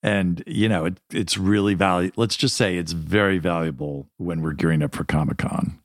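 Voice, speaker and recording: A man co-hosting a podcast in casual chat, animated, laughing often and teasing his guests. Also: low voice, normal speed, dry recording, studio quality. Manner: animated, laughing, affirming, playful ribbing. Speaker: podcast co-host.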